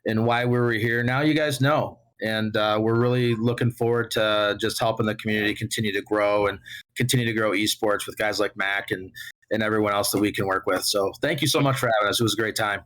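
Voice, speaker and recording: A man speaking as a guest for an esports team, friendly and quick to laugh. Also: lowish voice, steady tone, a bit bright, rough recording. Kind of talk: casual interview chat.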